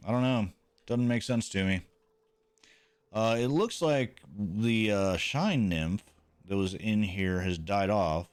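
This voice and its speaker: Laid-back low-voiced man streaming a game. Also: takes it slowly, clear, resonant tone. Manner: laid-back, rambling, self-mocking, swears casually. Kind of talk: casual gameplay commentary chatting with viewers.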